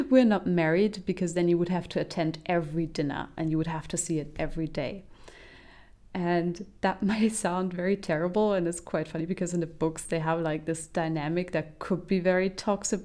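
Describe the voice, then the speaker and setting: A woman's voice: on the low side, mellow. A woman giving a casual comedic film review, chatty and full of um's, restarts and laughs. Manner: chatty, frequent um's and self-restarts, laughs while talking.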